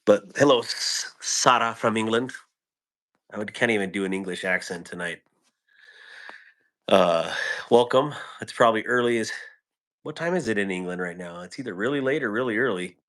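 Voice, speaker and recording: A man chatting casually on a live stream, his voice sitting a little low. He jokes and rambles from one aside to the next while greeting viewers by name. He talks into a phone at home. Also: moderate pace, pauses often, a bit bright.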